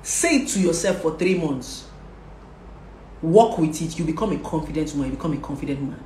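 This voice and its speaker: A young Nigerian woman vlogging casually, talkative and lively, laughing often and mixing in Pidgin. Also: sits low, brisk, reverberant, slight background noise. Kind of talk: casual advice vlog.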